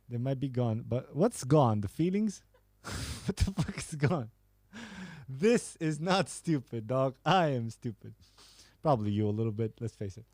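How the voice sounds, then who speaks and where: A man's voice: mid-range voice, expressive, a little slow, pauses often, darkish tone, no echo, clean studio sound. A man hosting a podcast, casually reading out and joking about viewer messages, laughing and swearing often. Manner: laughing, profane, banter. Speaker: podcast host.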